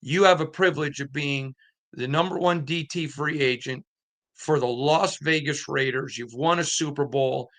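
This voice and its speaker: A man's voice: fairly high pitch, normal speed, fairly bright tone. A man hosting a sports podcast who talks as a beat writer in casual interview chat, telling stories in an earnest, emphatic way.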